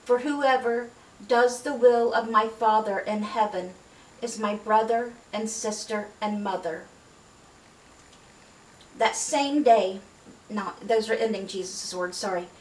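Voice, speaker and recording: A woman reading the Bible aloud in a measured way, with casual friendly asides between passages. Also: fairly high pitch. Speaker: Bible reader. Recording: echoey room, distant mic, faint hiss.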